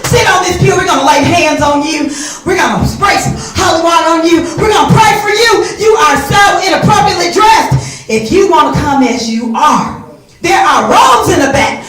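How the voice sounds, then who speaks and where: A woman playing a loud, boastful older church mother who scolds everyone and calls them baby, in a one-woman stage comedy. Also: very high-pitched. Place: theater stage, live. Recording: echoey stage from far off.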